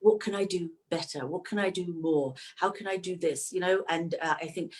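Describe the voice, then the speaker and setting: A middle-aged woman from Manchester, England, chatting as a guest in an interview; she laughs often and her pitch leaps up when excited. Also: normal speed, few pauses. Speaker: actress, guest. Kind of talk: casual interview chat.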